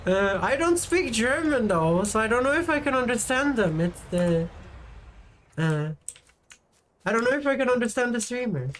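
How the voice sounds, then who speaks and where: A woman's voice: on the high side, expressive, moderate pace, a little hiss or hum. A woman from Sweden chatting casually and joking with her viewers while she plays a game. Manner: joking, rambling, teasing chat. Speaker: game streamer.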